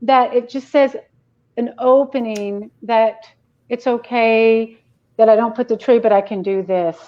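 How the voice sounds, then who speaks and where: Higher-voiced woman on lo-fi audio. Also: fairly even intonation, measured pace, dark tone. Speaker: psychic medium and author, guest. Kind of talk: live broadcast conversation.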